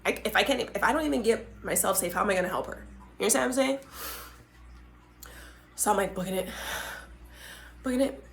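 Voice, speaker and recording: Animated young woman telling a story. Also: medium pitch, fast, vocal fry, pauses often. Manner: animated, dramatic retelling with frequent asides to listeners. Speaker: podcast host. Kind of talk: casual storytelling.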